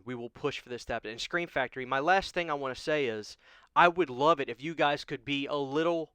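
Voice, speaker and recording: Recorded dry on a studio mic, this man's voice is mid-range, sharp, clear, and resonant. He hosts a horror vlog and launches into an emotional, pleading rant, often checking "okay?"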